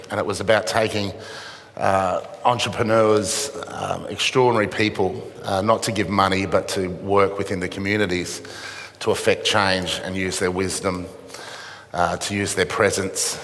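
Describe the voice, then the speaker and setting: Man, middle-aged, lowish voice, halting anecdotal keynote, long echoey hall reverb. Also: a bit bright, slight background noise. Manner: halting storytelling with dry self-mocking humor. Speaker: charity CEO, event speaker. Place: event venue with an audience.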